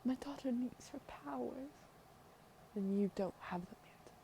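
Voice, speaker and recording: A woman voicing a proud, scornful queen mother with a put-on British accent in a soft whispered role-play. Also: a little high, measured pace, creaky, a little hiss or hum, voice pushed up. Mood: stern. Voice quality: imperious, scornful.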